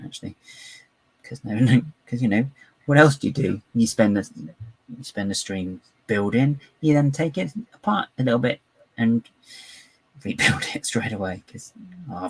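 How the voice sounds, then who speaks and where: Man, live-stream chatter, low voice, husky, sidetracked, self-mocking. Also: no room sound, poor audio. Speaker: live-streaming LEGO builder. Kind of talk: rambling live-stream chat while building.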